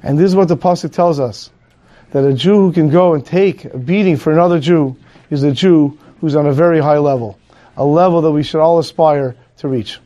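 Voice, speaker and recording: A man's voice: fairly high pitch, fairly quick, dark tone. A man teaching Torah, telling a story as a sermon in an earnest way, using Hebrew and Yiddish terms.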